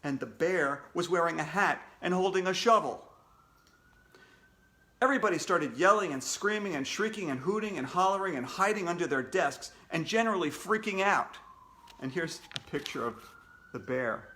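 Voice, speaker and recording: A man's voice: high-pitched, lively intonation, moderate pace, bright, forceful tone. A man, a children's author, reading his own storybook aloud to kids in a playful way with jokey asides.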